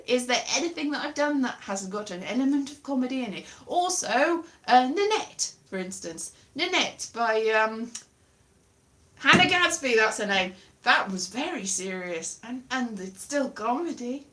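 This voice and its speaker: A woman's voice: sits high, sing-song, normal speed, bright, forceful tone. A young woman comedian rambling in a self-mocking comic monologue from a very small room at home. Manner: chatty, self-mocking, drifts off topic. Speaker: comedian vlogger.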